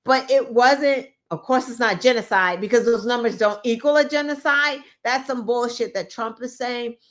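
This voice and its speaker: A woman's voice: a little high, normal speed, fairly bright tone. A woman hosting a podcast, giving opinionated, sarcastic political commentary and mimicking the people she discusses. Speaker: podcast host.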